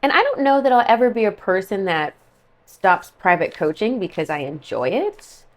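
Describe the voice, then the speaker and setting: A woman's voice: mid-range voice, big pitch swings, normal speed. A woman giving a casual monthly tarot forecast, chatty and rambling, full of "like" and "okay" asides. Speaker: tarot reader.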